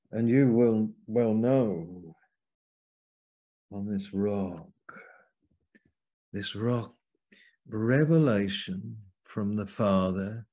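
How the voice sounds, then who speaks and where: A man preaching as a Bible teacher over a video call, slow and fervent, leaning hard on key words. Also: lowish voice, mellow.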